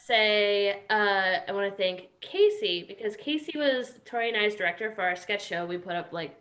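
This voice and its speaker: A woman's voice: mid-range voice, moderate pace, fairly bright tone. Chatty woman on a video call. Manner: chatty, rambling with fillers. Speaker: comedy musician. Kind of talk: casual chat on a video call. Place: home.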